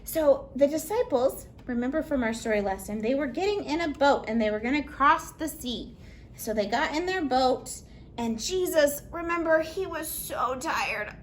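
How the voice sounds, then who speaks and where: A woman children's ministry teacher telling a Bible story to toddlers in an animated, sing-song way. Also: high-pitched, normal speed, a little hiss or hum. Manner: animated, sing-song, playful sound effects.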